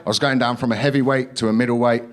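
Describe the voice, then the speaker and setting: Brash young stand-up comic. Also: male voice, medium pitch, fairly even intonation, racing. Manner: brash, swearing, acts out others in raised voices. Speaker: stand-up comedian. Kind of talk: stand-up comedy set. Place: comedy club stage.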